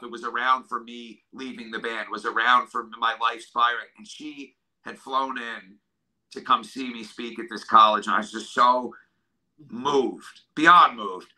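A middle-aged man from New York State speaks earnestly in an interview, stopping and restarting as emotion rises. His voice is very bright and forward, and it sits at an ordinary pitch for a man. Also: steady tone, normal speed, low-quality recording. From New York State, USA. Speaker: drummer and guest.

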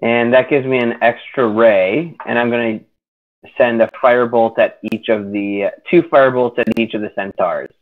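A man's voice: medium pitch, fairly even intonation, normal speed. A man playing a tabletop game online, hesitant and self-mocking, swearing casually at his bad luck. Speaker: player. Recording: tinny phone-like voice chat line.

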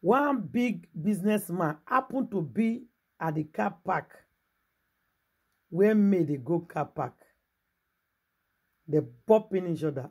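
A man's voice: sits high, lively intonation, slow, long pauses, a little mellow, husky. A man from Nigeria speaking in a Nigerian Pidgin English accent, giving casual gossip commentary in a preachy, rhetorical way, addressing viewers directly. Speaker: gossip vlogger.

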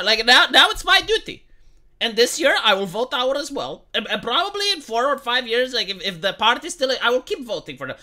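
A young Romanian woman talks in her second language with a Romanian accent. Her voice is bright and swoops widely, and her casual commentary is blunt, sweary and ranting. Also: on the high side, big pitch swings, fairly quick. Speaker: live-streamer.

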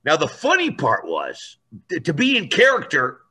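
A man telling a story in a lively, animated way, acting out voices and raising his voice for effect. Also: on the high side, moderate pace, breathy edge.

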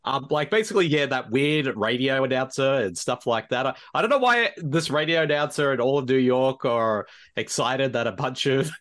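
A man co-hosting a casual podcast from a video call. His voice rises and falls in a lively, animated way as he chats. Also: mid-range voice, normal speed, hardly any pauses. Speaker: podcast co-host. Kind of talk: casual chat.

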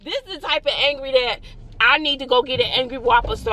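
A woman's voice: high-pitched, quick pace. A woman from Brooklyn venting in a rambling, exasperated way while driving, recorded on a phone inside her car. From Brooklyn, New York. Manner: exasperated, rambling, repeats herself. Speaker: vlogger, single mom.

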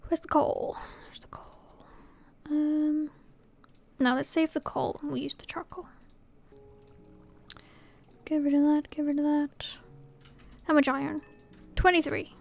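A woman's voice: high-pitched, little pitch movement, measured pace, creaky, long pauses, darkish tone. A woman from Scotland commentating her gameplay casually, muttering to herself and often dropping to a whisper. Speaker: gaming channel host.

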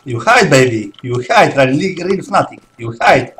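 A man's voice: on the high side, expressive, slow pace, fairly bright tone, soft background music. A man gaming and trash-talking his opponent in broken English, laughing and teasing. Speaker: pro gamer streaming a match. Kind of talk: trash-talking banter during play.

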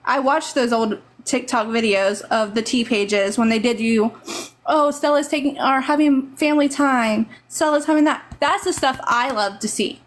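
A woman's voice: fairly high pitch, moderate pace. A woman from Texas with a Texan accent, giving rambling, earnest, motherly advice on a live stream over a phone mic.

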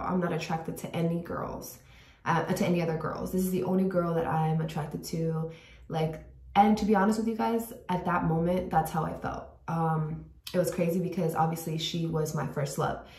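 A woman's voice: lowish voice, a little mellow, distant mic. A young woman telling a personal story to her viewers in casual chat, full of "like" fillers and sometimes dropping to a whisper, recorded in a bathroom at home. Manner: chatty, many "like" fillers, drops to a whisper at times. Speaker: vlogger. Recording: echoey room, voice a bit off-mic.

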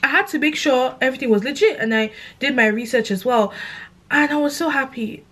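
A young woman with a London accent, chatting excitedly to camera in a casual vlog, gushing and animated. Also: high-pitched, fairly quick. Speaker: content creator.

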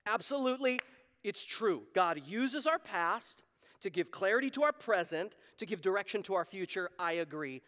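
A man's voice: sits high, lively intonation, normal speed, a bit bright. A man preaching a sermon as pastor, talking in an earnest, conversational way and acting out quoted voices. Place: church sanctuary. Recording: long hall reverb.

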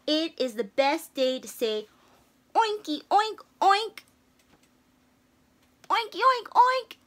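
A woman's voice: very high-pitched, big pitch swings, takes it slowly, fairly bright tone, voice pushed up, full character voice. A woman voicing a cheerful, bubbly little female pig in a children's storybook read-aloud, with squealing oinks and eager exclamations.

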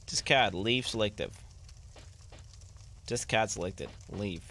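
A man streaming a video game with casual commentary, excitable and sarcastic, swearing a lot. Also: on the low side, slow pace, a little hiss or hum.

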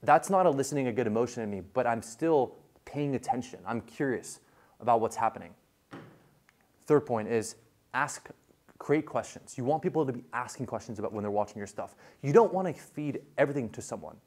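A man's voice: mid-range voice, fairly quick. Man giving a chatty lecture. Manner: animated, lots of fillers and restarts. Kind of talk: casual classroom lecture.

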